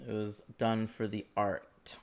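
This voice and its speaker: A man's voice: lowish voice, completely flat delivery, takes it slowly. A man co-hosting a film podcast in casual chat, with a dry, sarcastic delivery. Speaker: podcast co-host.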